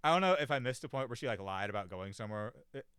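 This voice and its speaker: A man's voice: mid-range voice, animated, racing, fairly bright tone, clear, resonant tone, dry recording, clean studio sound. A young man rambling casually about a cartoon episode, filling his talk with "like", swearing and mimicking the characters. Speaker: podcast host reviewing a cartoon. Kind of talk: casual chat.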